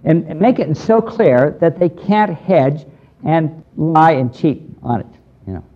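Captured in a dull lo-fi recording, an older man from the United States delivers a storytelling sermon in a voice on the high side, speaking a little slowly. His plain-spoken, earnest delivery rises into emphatic preaching.

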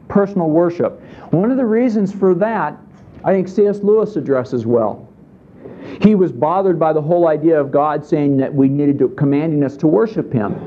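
A man's voice: fairly high pitch, dull audio, a little hiss or hum. A man preaching a sermon in a conversational way, often asking his listeners questions. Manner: conversational, asks the congregation questions. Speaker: pastor.

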